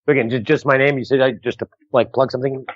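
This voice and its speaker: A man's voice: mid-range voice, steady tone, rapid-fire, no echo. A man, a guest comedian, chatting loosely over a call through a phone earpiece, stumbling and laughing through retakes. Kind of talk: casual chat over a call. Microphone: phone earpiece on a video call. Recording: dull lo-fi call audio.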